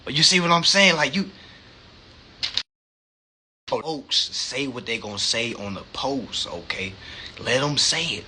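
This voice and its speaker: A man hosting a live stream, giving a profane, animated monologue full of street slang, repeated words and rhetorical questions. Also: mid-range voice, a little slow, long pauses, a little hiss or hum. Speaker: livestream host.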